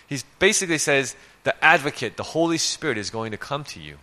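A man's voice: fairly high pitch, expressive, brisk, pushed and bright. A male preacher giving a conversational sermon, reading scripture and asking rhetorical questions.

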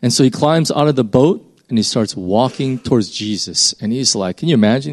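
A man's voice: mid-range voice, animated, fairly quick, hardly any pauses. Man preaching a rambling, conversational sermon. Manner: informal, rambling, emphatic rises.

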